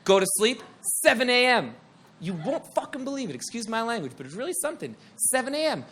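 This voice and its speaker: A young man with a high, bright voice tells a rambling comic story live on stage. He is excitable and swears freely, stacking fillers as he goes. A faint room ambience sits behind him. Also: a little fast, slight background noise.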